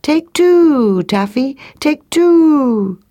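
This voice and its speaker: A woman voicing a silly turtle dove that repeats a high sing-song cry. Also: animated, drawn-out words, warm tone, no echo, clean studio sound, exaggerated voice. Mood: cooing.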